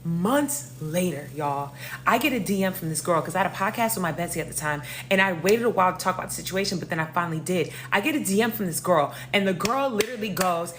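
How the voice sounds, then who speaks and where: Animated young New woman telling a story. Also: fairly low pitch, quick pace, slight background noise. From New York. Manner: animated, slangy and profane, addressing listeners as y'all. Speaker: storyteller host. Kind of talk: casual storytime vlog.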